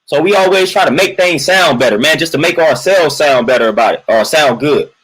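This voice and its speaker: A man's voice: a little high, animated, fairly quick, fairly bright tone, breathy edge, poor audio. A man venting in a casual livestream monologue. He repeats his points emphatically, keeps tagging lines with "man" and greets viewers from the chat in between. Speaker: livestream host.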